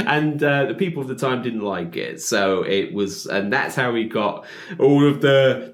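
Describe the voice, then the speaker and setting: A man reacting casually to an old interview, rambling and animated, often saying like and man. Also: medium pitch, a little slow, roomy sound. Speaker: reaction video host.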